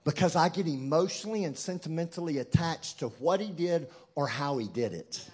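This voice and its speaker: High-pitched husky preacher swinging from hush to shout. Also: male voice, lively intonation, brisk. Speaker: guest preacher. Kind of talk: sermon. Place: church in front of a congregation.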